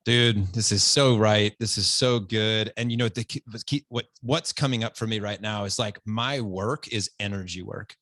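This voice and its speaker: A man's voice: fairly low pitch, steady tone, moderate pace, hardly any pauses, a bit bright, no room sound. A middle-aged man hosting a podcast, telling stories with enthusiasm in a casual chat. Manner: enthusiastic storytelling, says "dude" a lot. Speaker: podcast host.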